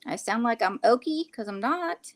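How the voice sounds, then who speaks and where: A woman's voice: on the high side, lively intonation, normal speed. Woman from California, slight Southern lilt, blunt casual chatter. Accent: slight Southern-sounding lilt. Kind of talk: casual chat.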